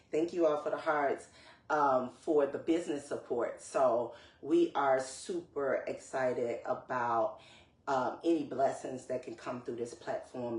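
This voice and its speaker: A woman's voice: rumbling low, a little mellow. A woman hosting a live podcast stream, greeting viewers by name in an upbeat, chatty way. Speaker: podcast host. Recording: roomy echo, voice far from the mic.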